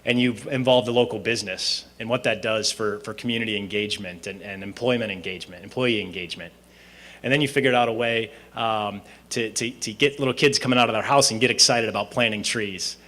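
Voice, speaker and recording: Another informal closing speech at a student team presentation in a university event hall, this one from a man with a lowish, fairly bright voice and a brisk pace. He keeps it conversational, stumbling into fillers and restarts often.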